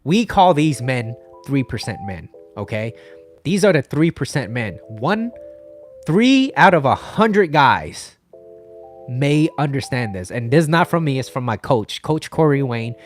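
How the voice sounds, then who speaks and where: A man's voice: mid-range voice, sing-song, a little slow, soft background music. A man talking casually as a dating advice host, rambling and often checking in with his listeners. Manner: rambling, repeats himself, checks in with "okay?".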